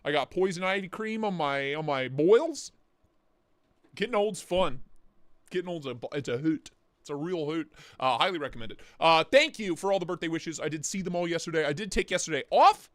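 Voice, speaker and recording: A man in his thirties hosts a livestream, chatting casually and rambling with jokes and swearing while sore in the neck and back. His fairly high voice is expressive and a little fast, with no room sound.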